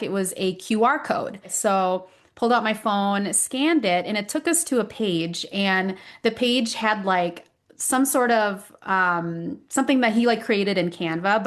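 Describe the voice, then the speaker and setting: A woman in her thirties chatting on a parenting podcast, animated and expressive. She tells stories at a natural, mid-range pitch and jumps higher when acting out what others said. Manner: animated storyteller, acts out quotes with rising pitch. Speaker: podcast co-host. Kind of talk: casual parenting podcast chat.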